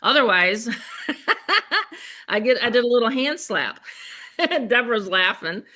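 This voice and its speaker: An older woman with a Western New York accent, hosting a live webinar sales pitch in a chatty, upbeat way, speaking straight to her audience. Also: expressive, moderate pace, bright, forceful tone. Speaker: webinar host.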